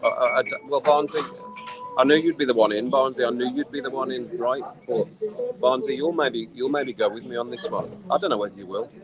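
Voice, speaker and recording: A man's voice: mid-range voice, brisk, over a noisy crowd, rough recording. A man ranting in a rambling, exasperated way during a casual live stream from an outdoor poolside bar, audibly tipsy from drinking. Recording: clear music behind the voice. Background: music playing.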